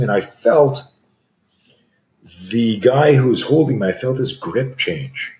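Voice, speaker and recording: A Canadian self-defense coach in his sixties tells stories as a guest in a conversation, acting out scenes with screams and gasps. His mid-range voice has lively intonation and a darkish tone, and he speaks slowly. The recording has a roomy echo.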